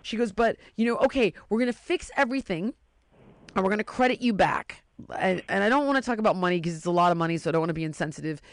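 A woman's voice: mid-range voice, animated, fast talker, dry recording. A woman in casual chat, telling a long story and acting out the voices of the people in it.

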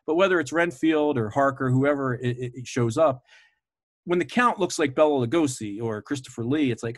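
A man's voice: medium pitch, a little fast, no echo, studio quality. A man hosting a podcast, chatting casually and eagerly, often digressing and laughing, over a remote call. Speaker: podcast host. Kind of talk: casual chat.

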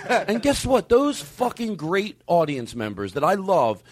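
A man hosting a comedy podcast, telling stories in a loose, profane, animated way that swings between loud and quiet. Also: mid-range voice, a little fast. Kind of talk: casual comic storytelling.

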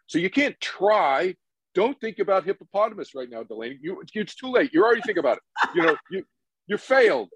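A man's voice: sits high, fairly quick, breathy edge, no room sound, poor audio. A man talking as a guest meditation teacher in a podcast interview, acting out quotes and asking rhetorical questions. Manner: animated, acts out quotes, asks rhetorical questions.

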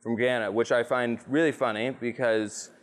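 A man's voice: medium pitch, steady tone, normal speed. A man guest on a podcast, chatting in a loose, profane, storytelling way, recorded in a rum bar. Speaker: guest, rum brand representative. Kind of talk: casual storytelling interview.

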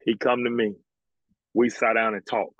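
A man's voice: fairly low pitch, normal speed, no room sound, muffled recording. A man, a former college basketball player telling stories bluntly and with lots of swearing in an interview. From American South. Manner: blunt, profane, animated storytelling. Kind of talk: casual storytelling interview.

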